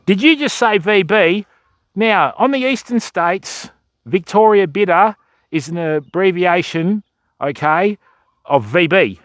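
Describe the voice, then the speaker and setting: A man's voice: sits high, lively intonation, slow pace, a bit bright, dry recording. A Western Australian man hosting a fishing livestream outdoors, bantering and joking with his chat. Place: outdoors by a river shore.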